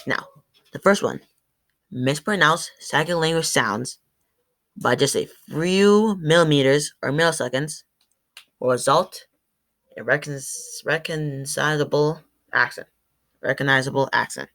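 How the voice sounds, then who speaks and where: Her voice is low-pitched and a bit bright, and she takes her time. This woman is a student presenting to a class, tripping over words, fixing them, and voicing example words to demonstrate sounds.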